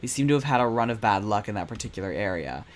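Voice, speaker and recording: A man's voice: on the low side, lively intonation, fast talker, a little hiss or hum, close to an everyday voice. A man voicing a cold, shadowy boss's letter in a formal, clipped, menacing tone. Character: cold, shadowy boss who signs with a number.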